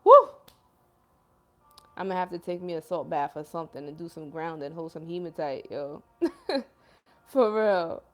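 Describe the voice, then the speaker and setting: A woman's voice: fairly low pitch, expressive, unhurried, long pauses, a bit bright. A young woman hosting a livestream as a self-described healer, talking in earnest, emotional casual chat full of slang like "yo" and "y'all" while reading out viewer comments.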